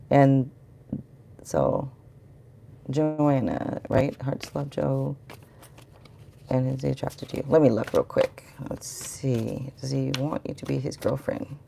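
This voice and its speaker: Deep gravelly-voiced woman reading tarot. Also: lively intonation, takes it slowly, long pauses, noisy background. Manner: chatty, rambling, talks to viewers in chat. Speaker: tarot reader. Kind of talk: live-stream tarot reading.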